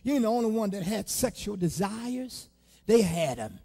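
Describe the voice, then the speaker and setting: Shouting high-voiced preacher. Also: male voice, animated, moderate pace, vocal fry, husky. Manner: shouting, sing-song preaching with repetitions. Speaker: pastor. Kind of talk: sermon. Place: church sanctuary. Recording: long church reverb.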